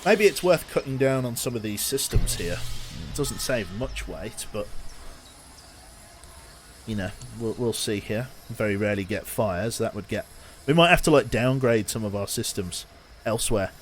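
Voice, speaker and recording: A man casually commentating his game on a live stream, thinking out loud and talking to his chat. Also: fairly low pitch, animated, normal speed, faint music behind. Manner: chatty, thinks aloud, talks to chat.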